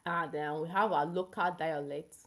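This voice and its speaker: A woman's voice: low voice, steady tone, moderate pace. A young Nigerian woman with a Nigerian accent, chatting casually to viewers on her livestream and explaining things at length. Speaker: livestream host.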